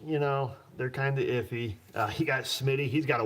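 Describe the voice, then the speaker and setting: A man's voice: mid-range voice, normal speed, few pauses. A man hosting a livestream as a mechanic, talking in a loose, jokey, rambling way and chuckling often. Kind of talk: casual livestream chat.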